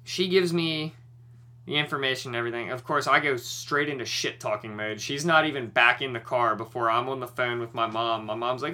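A man's voice: medium pitch, a little fast, sharp tone. A young man co-hosting a podcast, retelling a story in casual chat with lots of swearing and worked-up energy.

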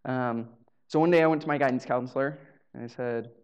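A man's voice: mid-range voice, fairly quick, darkish tone, clean tone, highs cut off. A man telling a personal story on stage in a casual, humorous way. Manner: casual, humorous, acts out dialogue. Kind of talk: live storytelling. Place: live show venue.

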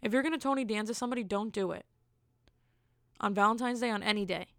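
A woman's voice: medium pitch, fast, fairly bright tone, no echo, studio quality. A woman hosting her own podcast, telling stories in a blunt, candid way with incredulous asides. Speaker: podcast host. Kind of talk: casual solo podcast monologue.

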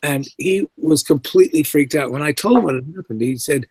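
A man's voice: a little high, a little fast, breathy edge, no echo. A middle-aged man, a guest actor, telling anecdotes in an interview and acting out the voices he quotes. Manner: animated storyteller who acts out quoted voices.

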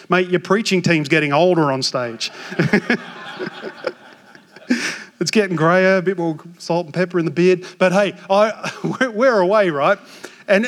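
An Australian man in his forties, a pastor preaching a sermon with animated, self-mocking stories. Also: high-pitched. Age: 40s. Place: church hall. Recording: long hall reverb.

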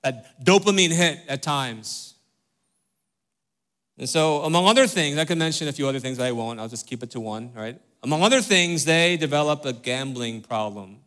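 A man's voice: mid-range voice, lively intonation, normal speed, a bit bright. Earnest, chatty middle-aged male pastor. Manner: conversational, many fillers and tag questions like "right?" and "okay?"; direct and earnest with the congregation. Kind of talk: sermon.

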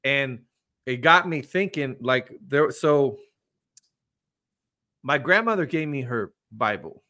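A man's voice: mid-range voice, animated, takes it slowly, pushed and bright. Earnest man telling a faith story. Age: adult with children. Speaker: podcast host. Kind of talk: casual faith talk.

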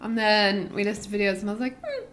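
Animated woman telling stories. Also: medium pitch, quick pace. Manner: animated storyteller, acts out her own reactions. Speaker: podcast co-host. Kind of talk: casual chat.

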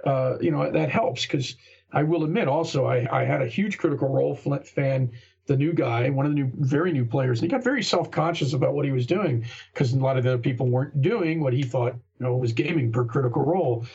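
A man with a raspy voice chatting earnestly on a podcast, rambling with many restarts. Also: medium pitch, fairly quick, darkish tone, highs cut off. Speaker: guest game master. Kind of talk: casual podcast conversation.

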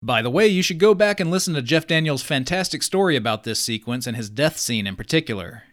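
A man's voice: medium pitch, expressive, fast, fairly bright tone. Man narrating a film-history podcast. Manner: breezy, conversational. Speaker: podcast host. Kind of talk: scripted narration.

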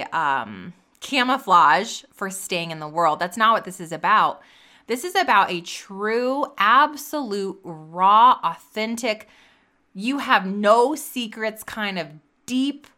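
A woman's voice: medium pitch, bright, forceful tone. A woman hosting a faith-based talk, speaking earnestly and piling up repeated phrases for emphasis. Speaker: podcast host.

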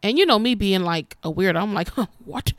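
A woman's voice: mid-range voice, lively intonation, quick pace, no echo. A woman in her twenties talking straight to her viewers, candid and sassy, calling them honey. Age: 20s. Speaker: vlogger. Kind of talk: casual talk to camera.

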